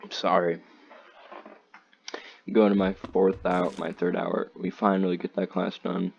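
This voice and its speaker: A teenage boy with a low, husky voice and vocal fry tells a rambling, profane story about his school day, packed with "like" and "dude." The lo-fi recording sounds slightly dull, with faint noise.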